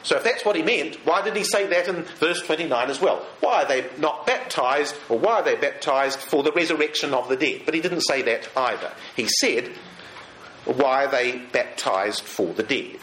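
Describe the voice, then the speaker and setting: Lively man teaching the Bible. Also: a little high, a little fast, few pauses, slight background noise. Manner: animated, asks listeners rhetorical questions. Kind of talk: Bible study talk to a live group. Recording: echoey room, faint ambience.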